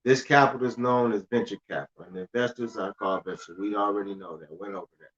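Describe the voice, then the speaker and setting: A man's voice: fairly low pitch, fairly even intonation, fast talker, a bit bright. Loose-talking man, dull lo-fi sound. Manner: loose and conversational, stumbles and repeats words, laughs at himself. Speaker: finance channel host. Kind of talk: casual livestream talk reading news aloud.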